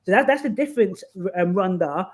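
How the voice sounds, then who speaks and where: A woman's voice: medium pitch, expressive, brisk. A woman guest giving candid advice in conversation, acting out the voices of people she quotes. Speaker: podcast guest.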